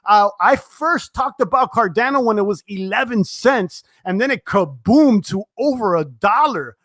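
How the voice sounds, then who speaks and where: A man's voice: high-pitched, lively intonation, moderate pace, fairly bright tone, dry recording, clean studio sound. A young man hosting a live stream, chatting casually and reading out viewer comments, with many fillers and restarts as he tires. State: sweating, tiring. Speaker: crypto live-stream host.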